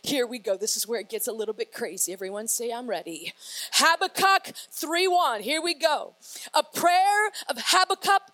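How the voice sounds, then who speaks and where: A woman preaching a lively, playful sermon that rises to shouted praise. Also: high voice, normal speed.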